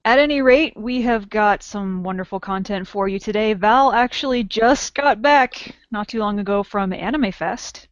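A woman's voice: medium pitch, moderate pace, hardly any pauses, no room sound. Chatty woman podcast host, dull dry sound. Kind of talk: casual podcast chat.

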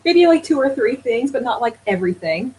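A woman's voice: a little high, very animated, fairly quick, a little mellow, rough recording. Teasing woman on a podcast, faint hiss. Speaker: podcast co-host. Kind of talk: casual chat.

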